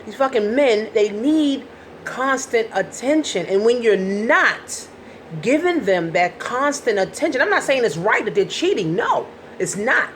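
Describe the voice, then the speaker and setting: A woman's voice: on the high side, big pitch swings, normal speed, slight background noise. A woman coaching viewers in a casual advice vlog, talking bluntly and swearing freely. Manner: blunt and profane, talks straight to viewers. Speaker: life coach.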